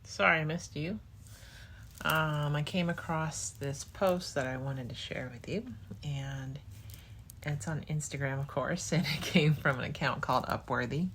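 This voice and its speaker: A woman's voice: deep voice, measured pace, a bit bright, slight background noise. A young woman hosting her own podcast, talking to her partner in a casual, rambling, heartfelt way with lots of "like" and restarts. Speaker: podcast host. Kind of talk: casual spoken diary to a partner.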